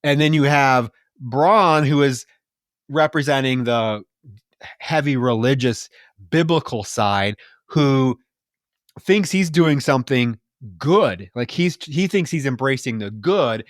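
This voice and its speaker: A man co-hosting a film podcast, recapping the plot in casual chat, animated and profane, laughing often. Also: medium pitch, takes it slowly, no echo, studio quality. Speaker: podcast co-host.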